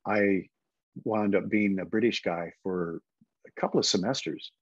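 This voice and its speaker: Husky older man telling stories. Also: fairly low pitch, measured pace, no echo, highs cut off. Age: 70s. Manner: anecdotal, slips into put-on voices for quotes. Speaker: guest actor. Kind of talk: casual interview storytelling.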